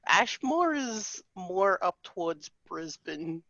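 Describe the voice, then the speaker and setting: Slow, hesitant woman on a dull line. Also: fairly low pitch, sing-song, fairly bright tone, no room sound. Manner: hesitant, unsure, many fillers. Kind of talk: casual chat. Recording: dull lo-fi dry sound.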